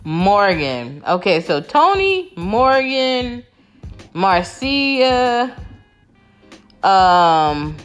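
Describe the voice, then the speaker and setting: Woman rambling to her viewers at home, slow easy pace, bouncy up and down voice. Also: mid-range voice, sing-song, clean tone, soft background music. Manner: chatty, rambling, many fillers and restarts; talks to her audience as y'all. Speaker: vlogger recapping a reality show. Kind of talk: casual chat to viewers.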